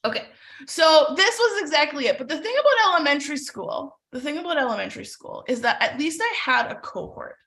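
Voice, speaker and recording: A middle-aged woman from Canada tells a story to a webinar audience with a high, bright voice. She brings the story to life by acting out the people in it. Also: fairly quick. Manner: animated storyteller who acts out voices. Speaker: webinar presenter.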